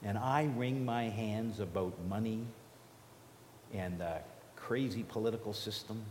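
A man's voice: lowish voice, measured pace, darkish tone, slight background noise. A man preaching a sermon in an earnest, conversational way, with restarts and repeated questions. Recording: echoey hall reverb.

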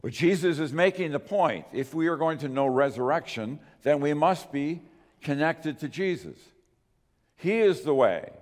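A male pastor delivering a sermon, earnest and emphatic, swinging between raised stresses and quiet drops. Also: medium pitch. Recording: long hall reverb.

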